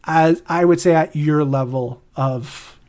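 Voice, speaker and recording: A Canadian man co-hosting a podcast in a loose, rambling chat. His voice sits a little higher than most men's, and he laughs easily as he talks. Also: slow pace, a little mellow. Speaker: podcast co-host. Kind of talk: casual chat.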